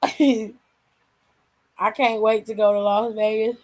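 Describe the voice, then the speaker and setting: A woman's voice: a little high, steady tone, slow pace, a little mellow, low-quality recording. A woman hosting a wrestling channel, chatting casually and slangily with viewers on a live stream while tired and yawning.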